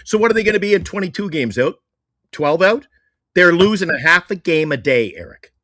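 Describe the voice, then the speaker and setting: Excitable ranting sports talk host. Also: mid-range voice, a little fast, dry recording, clean studio sound. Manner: excitable, ranting, often laughing. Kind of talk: live sports talk stream.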